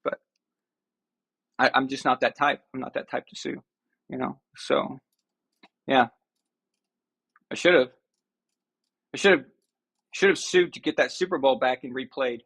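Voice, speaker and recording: A man's voice: mid-range voice, fairly even intonation, a little slow, gravelly, pauses often, a bit bright, slightly rough. A man hosting a sports live stream, chatting casually and ranting with mock outrage to his viewers.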